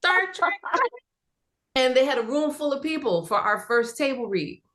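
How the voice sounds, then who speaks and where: A woman guest on a livestream panel, telling her story in a lively, animated way and acting out the people she quotes. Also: fairly quick. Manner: lively, acts out quotes with big pitch jumps. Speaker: voice actor guest.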